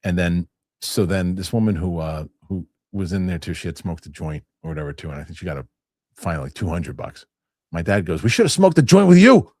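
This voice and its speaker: A man with a low voice hosts a loose, rambling live chat, swearing casually and reading viewer comments aloud. The sound is dry and close, with no room around it. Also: steady tone, brisk, a little mellow, no room sound. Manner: rambling, profane, laughs at his own stories. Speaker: host.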